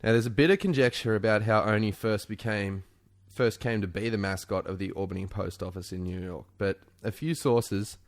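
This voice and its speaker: Jokey podcast host, low voice. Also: male voice, normal speed, hardly any pauses. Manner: jokey, laughs often, drops into silly voices. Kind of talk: casual chat.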